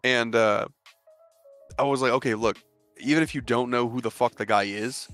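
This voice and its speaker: A man's voice: medium pitch, moderate pace, no room sound, faint music behind. Profane, laughing young man telling stories. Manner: profane, laughing, animated storytelling. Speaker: casino security dispatcher. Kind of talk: casual podcast chat.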